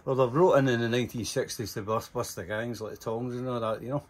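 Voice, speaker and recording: A man's voice: mid-range voice, steady tone, quick pace. An older Scottish man telling rambling, profane stories in casual conversation, full of fillers and asides. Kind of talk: casual storytelling.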